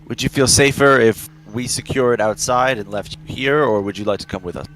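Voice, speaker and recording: A man's voice: mid-range voice, brisk, fairly bright tone, slight background noise, low-quality recording. A man playing a tabletop game, speaking formally as his character. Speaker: player.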